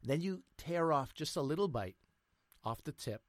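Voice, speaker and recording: A man's voice: on the high side, expressive, dry recording, clean studio sound. A man in his thirties co-hosting a podcast, chatting casually and telling stories with jokey asides. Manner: storytelling, jokey, quick asides. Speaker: podcast co-host. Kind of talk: casual chat.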